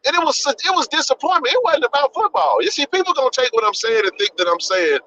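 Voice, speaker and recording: A man hosting a podcast live stream, his voice pushed very high and sharp-edged as he rants with a preacher's repetition and plenty of swearing. The audio is dull and lo-fi, with faint background noise. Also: sing-song, fast, few pauses. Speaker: podcast host. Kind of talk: impassioned live-stream rant.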